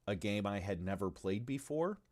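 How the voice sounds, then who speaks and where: A man with a very deep, low-pitched voice talks casually on a livestream about his tabletop game. He rambles, swears freely and trips over his words as he answers chat. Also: lively intonation, moderate pace, a little mellow. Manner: rambling and profane, with stumbles and asides to chat. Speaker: game designer presenting his tabletop game on stream.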